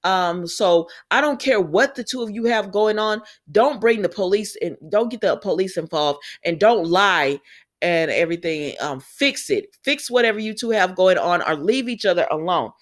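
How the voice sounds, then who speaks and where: A woman's voice: lowish voice, animated, normal speed. A woman casually recapping a soap opera, retelling scenes in quoted dialogue with chatty asides. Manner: laughs and exclaims at the characters.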